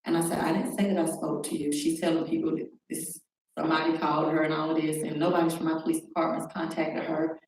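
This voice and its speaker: A woman's voice: deep voice, level tone, fast, a little mellow. A middle-aged woman giving a personal account as a talk show guest, acting out the phone calls she describes. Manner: recounts events by acting out quoted phone calls. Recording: very echoey room, distant mic, faint noise.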